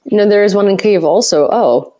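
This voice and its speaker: A woman's voice: mid-range voice, brisk, warm tone. A young adult woman from Ukraine hosting a casual livestream chat, rambling with lots of fillers and frequent laughs. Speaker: host, independent reporter.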